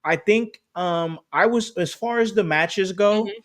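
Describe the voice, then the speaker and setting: A man co-hosts a casual podcast with loose enthusiasm, piling up fillers and restarts. His voice sits slightly high for a man. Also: takes it slowly. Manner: enthusiastic, laughs easily, filler-heavy. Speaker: co-host.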